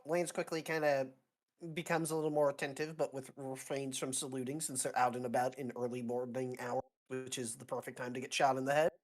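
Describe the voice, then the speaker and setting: Hoarse player, tabletop game, casual wry asides, plain mid voice. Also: mid-range voice, level tone, brisk. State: sore throat. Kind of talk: describing a character's actions in a tabletop game.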